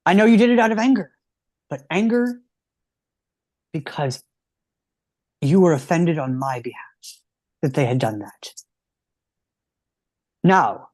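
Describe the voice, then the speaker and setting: A gentle, grateful God speaks in an unhurried, reassuring way, as a man puts him on while teaching. The voice stays warm and measured. The sound is dry and close, with no room echo. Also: on the high side.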